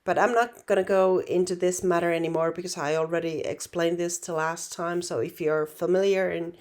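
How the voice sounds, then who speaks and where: A woman with Finnish as her first language, teaching a relaxed online language lesson in an unhurried, reassuring way. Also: on the low side. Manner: unhurried, reassuring, many fillers and restarts.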